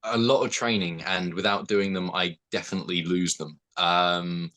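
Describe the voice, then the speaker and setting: A young English man with a lowish voice, chatting as an actor guest on a podcast. He trips over his first words, restarts often and keeps things self-deprecating, laughing between thoughts. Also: fairly even intonation, moderate pace, a bit bright. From England. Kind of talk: casual podcast chat.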